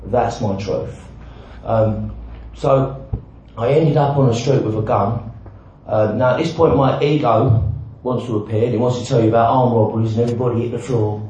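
A man's voice: medium pitch, steady tone, moderate pace, warm tone, a little hiss or hum. A man telling his recovery story frankly, blunt and self-mocking, with the odd swear word and a habit of saying "right?". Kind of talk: personal recovery talk with self-mocking humour. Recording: very echoey, dull hall recording.

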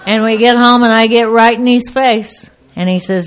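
A middle-aged woman giving a personal testimony to an audience, a lively storyteller who acts out the people in her story. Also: fairly high pitch, moderate pace, clean tone. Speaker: speaker sharing her recovery story.

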